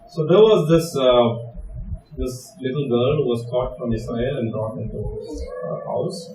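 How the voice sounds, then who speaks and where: A man's voice: medium pitch, huge pitch swings, unhurried, dark tone, slight background noise. A man pastor preaching a sermon, telling a story and often checking with the listeners by asking "right?". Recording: echoey room, distant mic.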